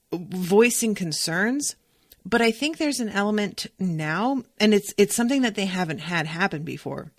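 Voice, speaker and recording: A young adult woman talks through a book on her podcast in a loose, chatty way, cursing now and then. Her pitch swoops around a lot as she goes. The recording is dry and close, with no room sound. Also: no room sound. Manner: chatty, animated, swears freely. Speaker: podcast host. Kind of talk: casual solo book discussion.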